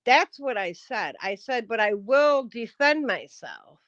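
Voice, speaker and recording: A woman's voice: a little high, very animated, takes it slowly, fairly bright tone, no room sound, lo-fi sound. Combative profane woman ranting on stream. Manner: combative, profane, talking back to chat. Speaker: livestreamer. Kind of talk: casual livestream rant.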